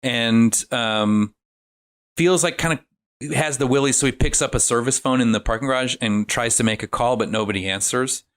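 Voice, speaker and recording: A man at an ordinary, middle pitch tells a story in easy, casual chat. He rambles, piles on fillers and circles back as he goes. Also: moderate pace, fairly bright tone. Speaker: podcast guest recapping a film.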